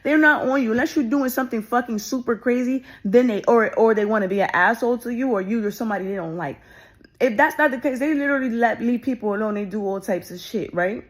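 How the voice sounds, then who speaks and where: A woman telling a personal story in a rapid, intense way, restarting often and swearing. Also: fairly high pitch. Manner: intense and emotional.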